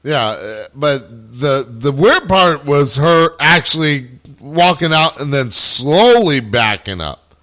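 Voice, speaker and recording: A man hosting a casual chat, recounting a ghost investigation in a halting way with restarts. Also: fairly high pitch, expressive, a bit bright.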